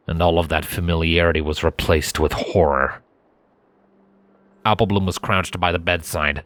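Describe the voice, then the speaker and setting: A man reading a fanfiction story aloud in steady, measured narration. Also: low voice. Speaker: fanfiction reader.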